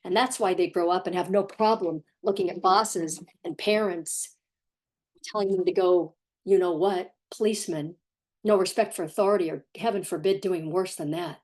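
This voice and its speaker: A middle-aged woman, a parenting coach, giving opinionated video commentary in a sarcastic, animated and emphatic way. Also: lowish voice, moderate pace.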